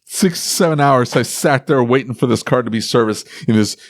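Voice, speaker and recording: A man's voice: medium pitch, moderate pace, dry recording. A man co-hosting a podcast, ranting sarcastically about customers in casual chat. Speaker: podcast co-host, repair shop owner.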